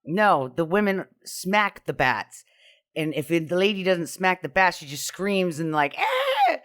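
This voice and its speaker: A woman's voice: fairly low pitch, a little slow, fairly bright tone. A woman bantering on a casual podcast, spinning playful and absurd reasoning.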